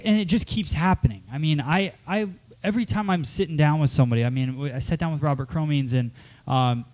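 A man's voice: fairly high pitch, fairly quick, a little mellow. A man hosting a casual hair-salon talk show, chatting in a rambling, upbeat way with many fillers. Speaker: podcast host. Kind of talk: casual chat.

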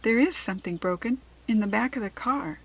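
A woman reading the lines of an eager young farm girl in a storybook, raising her voice a little higher. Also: a little fast, breathy edge. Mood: earnest.

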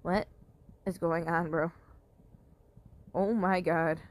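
Slow-talking swearing woman gamer. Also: low-pitched, slight background noise. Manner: swears often, yelps when things go wrong. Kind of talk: casual mobile game commentary.

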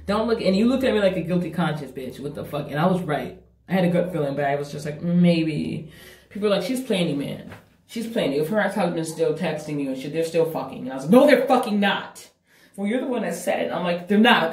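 A woman's voice: fairly low pitch, far from the mic. A woman telling a breakup story to camera, casual, blunt and full of swearing. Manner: profane, blunt, animated storytelling. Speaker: vlogger. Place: bathroom. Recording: echoey bathroom from off-mic.

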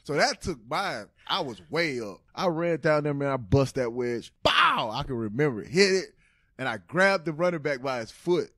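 A man in his thirties from Tennessee, a former pro football player telling stories as a guest in a casual interview, animated and laughing often. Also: medium pitch, moderate pace, no echo, studio quality.

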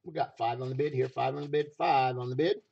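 A hoarse man running a live stream auction, repeating phrases as he hypes each item from a basement room. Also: mid-range voice, steady tone, fast, darkish tone, muffled recording.

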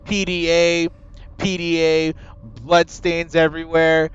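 A man's voice: fairly high pitch, fairly even intonation, slow pace, a bit bright, smooth, highs cut off. A young man streaming a game, ranting, exasperated and cursing at it. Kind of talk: frustrated gameplay commentary.

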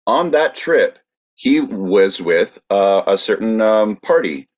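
A man's voice: on the low side, very animated, slow pace, highs cut off. A man co-hosting a podcast, casually recounting history with plenty of fillers. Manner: laid-back, many fillers while recounting history. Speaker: podcast co-host presenting research.

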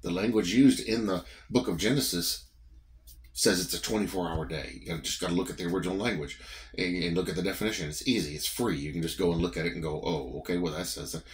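A man's voice: low voice, quick pace. A man with a Southern US accent giving a morning devotion, preaching in an emphatic, repetitive, conversational way. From American South.

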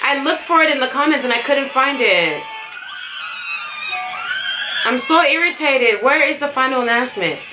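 A young woman hosting a reaction video, chatting casually and getting emotional and excited as she talks. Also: high-pitched, normal speed, long pauses, over music.

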